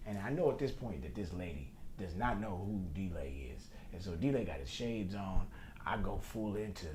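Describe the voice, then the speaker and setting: A man, a podcast host, telling a story with lively impressions among friends. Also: fairly low pitch, a little hiss or hum. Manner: animated, fast when imitating. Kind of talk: animated storytelling.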